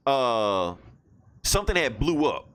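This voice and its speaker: A man's voice: mid-range voice, sing-song, slow, fairly bright tone. A man hosting a podcast who casually retells a story, rambling and swearing freely. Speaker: podcast host. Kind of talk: casual chat.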